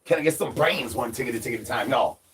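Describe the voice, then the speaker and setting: A man's voice: medium pitch, animated, very fast, fairly bright tone, a little hiss or hum. A man hosting a livestream, rambling in a hungry zombie persona with repetitive sing-song catchphrases and crude jokes. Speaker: livestream host.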